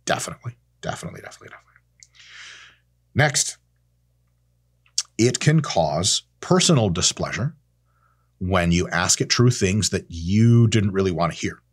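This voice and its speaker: A man in his thirties hosting a casual monologue, animated and swearing freely, acting out imagined exchanges. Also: deep voice, moderate pace, slightly rough. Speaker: host.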